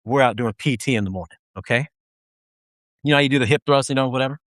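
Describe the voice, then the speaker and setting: A man's voice: medium pitch, fast, a bit bright, no room sound. A man co-hosting a casual chat, an army veteran telling stories and acting out voices, laughing often.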